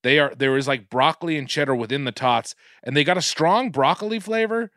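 A man's voice: on the high side, fairly quick, fairly bright tone, dry recording, clean studio sound. A man co-hosting a podcast, telling rambling food stories in casual chat and swearing freely. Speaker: podcast co-host.

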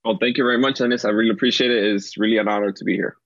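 A man's voice: on the low side, fairly even intonation, rapid-fire, dry recording. Dominican guy, rambly casual storytelling, kinda muffled dry audio. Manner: rambling, lots of "like" and "uh", laughs easily. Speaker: podcast guest, entrepreneur. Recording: slightly dull, dry lo-fi sound.

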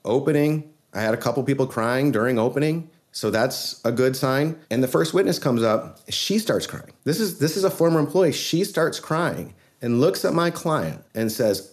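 A man, a trial lawyer guest on a podcast, telling a case story in an earnest, animated way. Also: mid-range voice, moderate pace, hardly any pauses.

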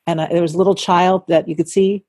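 Female podcast host, husky and mellow, dry recording. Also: fairly low pitch, steady tone, fast, dry recording. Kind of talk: casual conversation.

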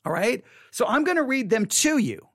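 A music commentator talking casually on a video, animated and chatty, acting out their own reactions with lots of filler words. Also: mid-range voice, normal speed, husky, no room sound, clean studio sound.

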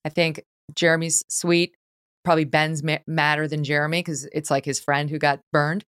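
A middle-aged woman hosting a talk podcast, chatting in an animated, opinionated way with quick asides. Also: sits low, clear, resonant tone, dry recording, studio quality. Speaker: podcast host.

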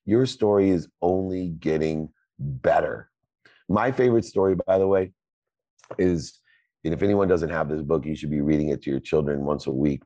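Low-voiced male motivational host, preacherly, dry close mic. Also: dark tone, dry recording. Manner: emphatic, preacherly cadence. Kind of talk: motivational talk. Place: live audio chat room.

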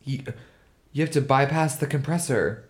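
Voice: mid-range voice, moderate pace. A young adult co-host in casual podcast chat, joking with camp slang and breaking into laughter while watching a movie.

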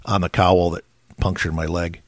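A man's voice: sits low, little pitch movement, moderate pace, no room sound, clean studio sound. A middle-aged man, a game warden, casually telling a story and acting out what people said. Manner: laid-back storyteller acting out quotes.

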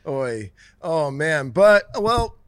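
A man's voice: a little high, very animated, a crowd in the background. A man co-hosting a podcast, chatting casually and laughing along. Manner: laughs along, quick agreeing interjections. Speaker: co-host.

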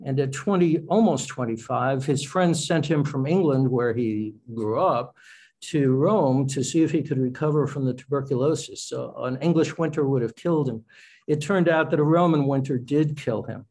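A man's voice: mid-range voice, normal speed, darkish tone. A man, an author and poet, talking about his craft in an interview with a chatty, self-deprecating manner. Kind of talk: radio interview conversation.

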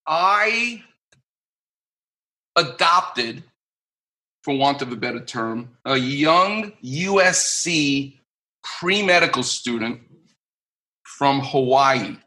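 A middle-aged man from New York, a surgeon guest on a podcast, telling lively anecdotes and acting out the people in them. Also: on the high side. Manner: animated anecdote-telling, acts out quoted voices. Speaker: guest, orthopedic surgeon and radio host. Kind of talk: podcast interview storytelling.

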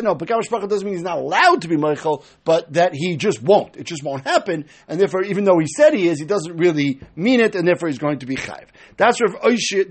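A man's voice: sits high, breathy edge. A man teaching a Talmud study lecture, explaining step by step and acting out the speakers he quotes.

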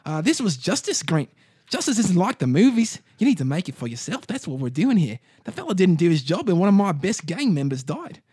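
A man doing a condescending bald gang boss in a tabletop game, lecturing and taunting, his voice rising high on the jabs. The room is dry and close. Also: very animated, a little fast, dark tone, breathy edge, no echo, full character voice. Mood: menacing taunting. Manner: taunting, lecturing, repeats the listener's name.

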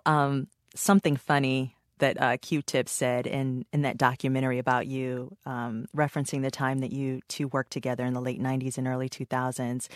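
A woman interviewing a guest in an easy, curious way. Her voice sits very low for a woman, and the sound is dry and close. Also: no echo. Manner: conversational, curious questioning. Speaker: interviewer, host. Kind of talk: interview questions.

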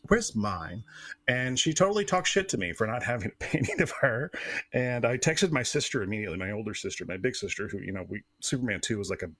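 A man's voice: lowish voice, a bit bright, slightly rough, no echo. A man who is a guest co-host on a podcast, telling stories in a casual, rambling way with lots of fillers. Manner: rambling storyteller, many fillers.

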